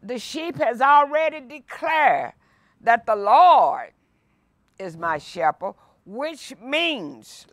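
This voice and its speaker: A woman pastor leading a Bible lesson, reading scripture aloud and preaching with slow emphasis and repetition. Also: a little high, a bit bright, no room sound, clean studio sound. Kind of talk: sermon-style Bible lesson. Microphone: no mic, by her own words.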